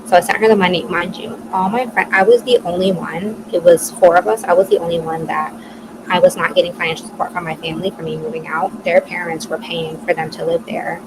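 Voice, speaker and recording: She's a podcast co-host in her twenties, telling a personal story in a relaxed, chatty manner, leaning on "like" and swearing freely. Her lowish voice is fairly even in intonation and a little fast, against noisy background hiss.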